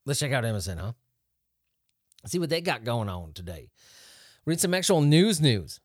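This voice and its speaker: A man hosts a podcast, reading news headlines aloud and riffing on them in a joking, rambling way, laughing often. His voice sits at a medium pitch with big swings, and he talks at a normal speed. The studio recording is clean, with no echo.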